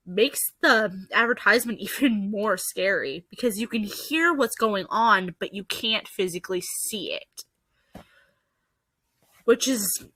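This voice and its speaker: A woman's voice: mid-range voice, pushed and bright, dry recording, rough recording. A woman hosting a casual commentary video, talking bluntly and swearing a lot as she reviews ads.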